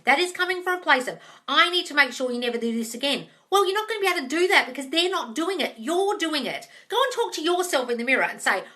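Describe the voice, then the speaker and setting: A woman gives blunt, sweary manifesting advice during a casual live Q&A, calling her audience darling and guys. Her voice is a little high, pushed and bright. She's recorded through a phone or webcam on the stream.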